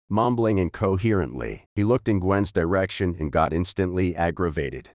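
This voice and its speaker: A man narrating an audiobook in a steady, measured way. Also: deep voice, no echo, studio quality.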